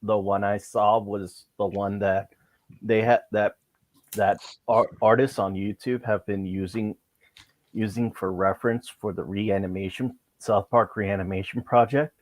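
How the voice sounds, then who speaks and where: A man with a low voice talks haltingly in casual stream chat, often restarting and repeating his words. The recording is dry and close, with no room sound. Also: steady tone, no room sound.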